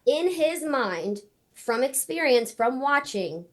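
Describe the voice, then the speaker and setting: A woman in her thirties, a guest on a podcast, telling her story in casual, animated talk and acting out what people said. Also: high-pitched, takes it slowly. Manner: animated storyteller, acts out quotes. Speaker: podcast guest, former ninja competitor and wrestler.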